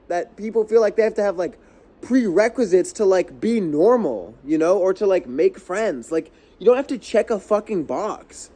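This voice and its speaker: A man's voice: sits high, a little mellow. A young man ranting casually to camera as a vlogger, heated and rambling, swearing often and restarting his sentences.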